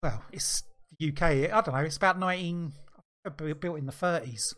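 A man's voice: on the high side, normal speed. A middle-aged man co-hosting a podcast, telling an anecdote in casual chat and acting out the voices in it. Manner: animated storyteller, acts out quoted dialogue. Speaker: podcast co-host.

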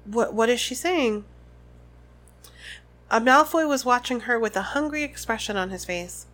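A woman co-hosting a casual book podcast, reading passages aloud and reacting with animated comments. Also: on the high side, moderate pace, long pauses. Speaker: podcast co-host. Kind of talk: casual book recap chat.

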